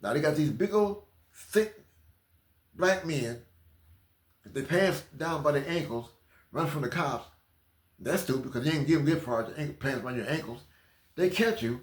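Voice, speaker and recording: A man preaching in an animated, storytelling way with vernacular grammar, in an echoey room. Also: mid-range voice, normal speed, pauses often. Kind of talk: comedic sermon.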